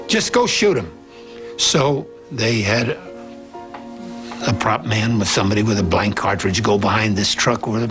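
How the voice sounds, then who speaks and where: Man, archive interview, lively storyteller, moderate pitch, music bed. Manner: animated, acts out quoted voices. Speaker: former child actor.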